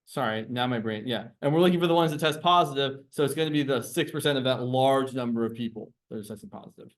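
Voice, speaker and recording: Male teacher, classroom lecture, medium pitch, explanatory, self-correcting. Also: fast talker.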